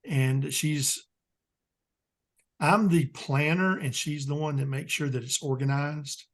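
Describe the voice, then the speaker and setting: A Southern US man talking as an interview guest, his voice sitting a bit high for a man. He rambles along in a plain-spoken way and keeps filling gaps with "um.". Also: fairly even intonation, slow. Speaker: guest expert. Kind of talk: casual interview chat.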